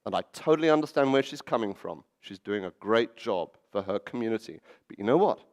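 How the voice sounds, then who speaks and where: A man giving a storytelling talk at a public event, animated and fond of acting out quoted voices. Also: fairly low pitch, a little fast. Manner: animated, acts out quoted voices and laughs at his own stories. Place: library event hall.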